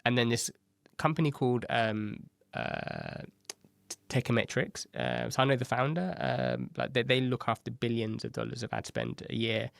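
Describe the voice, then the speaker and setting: Gravelly man telling stories. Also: medium pitch, normal speed, dry recording, clean studio sound. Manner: animated, acts out quoted dialogue, frequent "right?". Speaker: agency founder, podcast guest. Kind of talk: casual storytelling interview.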